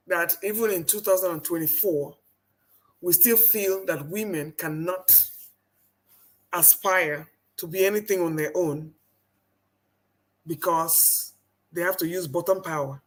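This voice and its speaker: A Southern-accented woman from the American South speaks emphatically as a panelist in a live debate, her lowish, slightly bright voice rising into laughing outbursts.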